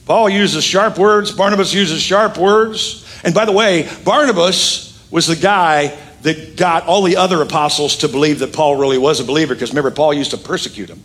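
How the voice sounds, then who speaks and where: A man's voice: moderate pace, hardly any pauses. A middle-aged man preaching a sermon as pastor, telling stories with big swings in his voice and joking with the congregation. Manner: lively storytelling with big pitch swings and asides; calls on the congregation to repeat lines. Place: church sanctuary with congregation.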